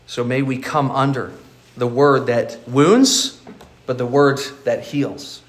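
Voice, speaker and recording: A man's voice: mid-range voice, fairly even intonation, takes it slowly, roomy sound. A male pastor preaching a sermon earnestly, often repeating words as he starts a phrase.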